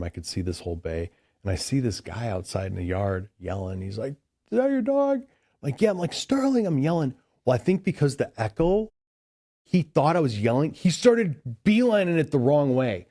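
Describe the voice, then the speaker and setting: A man's voice: lowish voice, warm tone, dry recording, studio quality. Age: adult. Sex: man. Style: rambling casual storyteller. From Chicago, USA. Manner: rambling, heavy use of "like" and "dude". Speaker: podcast guest.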